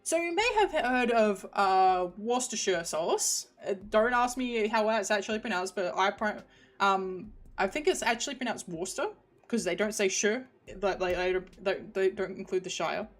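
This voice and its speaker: A woman's voice: medium pitch, normal speed. A young woman from the United Kingdom streaming, chatting casually in a rambling, giggly way that trails off into mumbles. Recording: faint background music.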